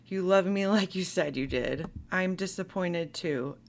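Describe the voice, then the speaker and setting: A woman's voice: on the low side, normal speed, slight background noise, close to an everyday voice. A woman reading aloud a young woman's text messages as she defends herself in an argument, with little acting. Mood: defensive.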